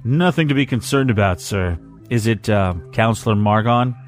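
A man's voice: lowish voice, normal speed, soft background music, lightly acted. A man reading fan fiction aloud, voicing a sarcastic, threatening male alien intruder.

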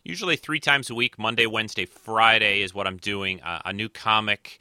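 A man chats through his weekly podcast in a loose, rambling way, pausing often between thoughts. His voice is very bright and crisp, with a slight nasal edge, and sits fairly low. The close mic sounds completely dry. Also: no room sound. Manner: rambling, many filler pauses. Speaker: podcast host. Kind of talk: casual solo podcast talk.

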